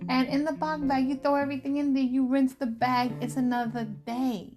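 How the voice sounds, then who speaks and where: A woman in her thirties talks casually to her viewers, lively and storytelling as she acts out friends and her husband. Her voice sits a little high. Music plays clearly behind her. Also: normal speed. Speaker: vlogger. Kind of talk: casual chat to camera.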